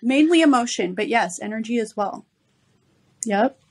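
A woman's voice: on the high side, expressive, normal speed, darkish tone. A woman parenting coach, a podcast guest, patiently explaining ideas step by step. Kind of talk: podcast interview.

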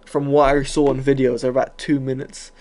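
A man's voice: mid-range voice, little pitch movement, a little fast, darkish tone. A man giving loose, rambling commentary over his own gameplay, full of fillers and the odd casual swear. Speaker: gaming video host.

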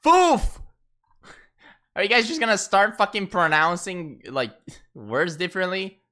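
A man streaming a game who talks in a bright, edgy tone, his pitch swinging widely. He rants and swears in casual exasperation while he chats with viewers. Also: animated, moderate pace. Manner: profane, exasperated ranting with laughter. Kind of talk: casual gaming stream chat.

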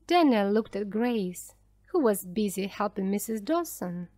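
A woman narrating a graded reader story slowly and clearly for language learners. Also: mid-range voice, lively intonation, mellow, no echo. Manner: slow, clear, carefully paced for learners.

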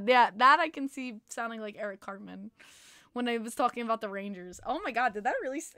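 A young woman with a New York accent, chatting casually with her live-stream audience as host, excitable and profane, laughing often. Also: on the high side, quick pace, smooth, dry recording, studio quality.

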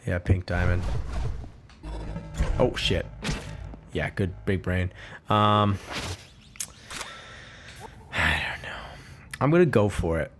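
A young man with a low voice rambles through a long story while playing a game, swearing freely and circling back on himself. Game music plays clearly under his commentary. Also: takes it slowly, pauses often. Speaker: gaming channel host. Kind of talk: let's play commentary.

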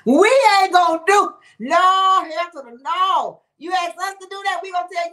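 Lively woman chatting to viewers. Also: very high-pitched, normal speed, few pauses. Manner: animated, laughing, exclamatory, talks back to viewers. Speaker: livestream host reading comments. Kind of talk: casual livestream chat.

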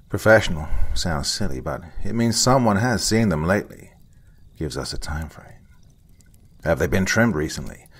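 A man playing an older, blunt forensic investigator who lectures in short, curt sentences with a husky voice. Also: low voice, exaggerated voice. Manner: blunt, curt, lecturing, some lines whispered. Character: gruff veteran male forensic investigator, blunt.

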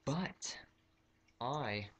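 A man's voice: medium pitch, animated, very slow, background noise. A young man telling a comic story on his vlog, rambling with lots of fillers and restarts. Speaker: vlogger.

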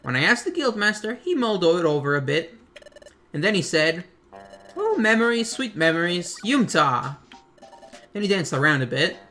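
A man's voice: high-pitched, bright, forceful tone, exaggerated voice. A man playing Chatot, a pompous fussy bird. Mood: haughty. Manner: haughty, emphatic, lecturing. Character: fussy pompous bird, the guild's stern assistant.

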